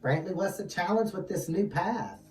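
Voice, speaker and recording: Mellow, echoey tarot reader. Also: medium pitch, normal speed. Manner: steady and calm, invokes guides in a repeated chant-like way. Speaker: tarot reader, channel host. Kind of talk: tarot reading, casual chat. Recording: echoey distant mic with music underneath.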